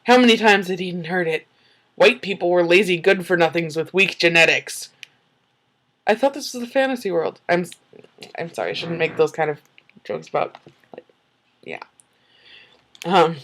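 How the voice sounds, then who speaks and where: A woman's voice: lowish voice, poor audio. Snarky woman reading a book aloud. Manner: snarky, sarcastic asides; giggles often. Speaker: book reader and commentator. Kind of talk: casual read-aloud with commentary.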